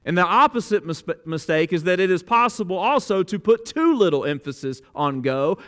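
A man's voice: high voice, fairly bright tone. A man preaching a sermon as pastor, earnest and emphatic, often repeating a word as he restarts a thought.

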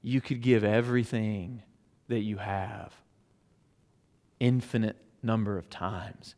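A man preaching a sermon in a conversational, storytelling way, with loud emphatic peaks that drop to hushed near-whispers. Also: on the low side, steady tone, slow, pauses often, big-room sound. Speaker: pastor.

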